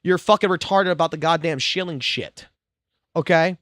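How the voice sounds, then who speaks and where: A man's voice: fairly high pitch, normal speed, fairly bright tone, no echo, clean studio sound. A man streaming live, ranting with constant swearing in a heated, blunt way. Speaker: livestreamer.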